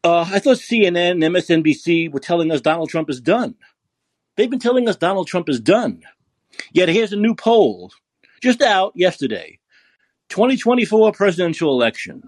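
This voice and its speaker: Angry ranting man, husky lively voice. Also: high voice, normal speed, no echo. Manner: profane, sarcastic, ranting. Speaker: podcast host. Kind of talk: angry political rant. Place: San Francisco.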